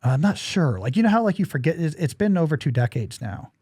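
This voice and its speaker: A man's voice: fairly high pitch, very animated, fairly quick, mellow, slightly rough, no echo, studio quality. A man hosting a podcast in casual chat, joking and rambling, while losing his voice. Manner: joking, self-deprecating, rambling asides. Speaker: podcast host.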